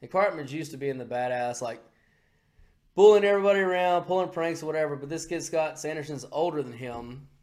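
A man hosting a podcast, telling a story in a rambling, animated way with lots of swearing. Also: on the high side, brisk. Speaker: podcast host. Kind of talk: casual profane chat.

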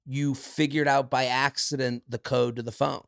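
A man, a comedian guest on a podcast, trading quick banter in casual chat, laughing and swearing. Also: mid-range voice, little pitch movement, gravelly, fairly bright tone, dry recording.

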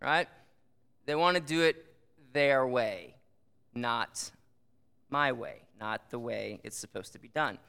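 A man delivers a sermon at a slow, easy pace, and his bright, smooth voice rings out in a hall with a long reverb. He talks conversationally, full of asides and rhetorical questions. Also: mid-range voice, expressive. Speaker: pastor.

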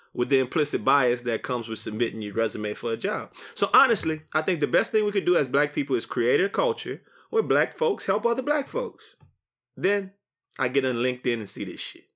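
A young man hosting a podcast, chatting in a jokey, animated way with friends, then reading a commentary segment. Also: on the high side. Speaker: podcast host. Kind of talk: casual podcast chat and scripted monologue.

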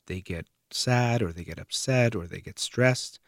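A man giving a calm, measured, earnest talk about how parents handle their children's feelings. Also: on the low side, no echo, studio quality. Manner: calm, measured, earnest, trailing off softer at phrase ends. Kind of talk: explanatory talk to camera.

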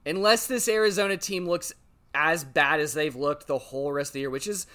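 Man, podcast co-host, fairly high voice, animated rambling storyteller, casual football talk. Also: brisk. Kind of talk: casual sports chat.

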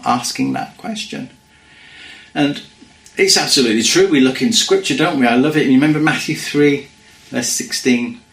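A man preaching a sermon in an earnest way, dropping to a hush when he quotes scripture. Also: mid-range voice, roomy sound, low-quality recording. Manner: earnest, drops to hushed quoting of scripture.

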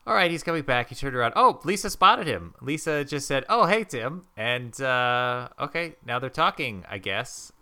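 A man co-hosting a comedy podcast, giving deadpan, dry commentary to listeners. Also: medium pitch, normal speed, hardly any pauses, clean tone. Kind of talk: improvised comedy narration.

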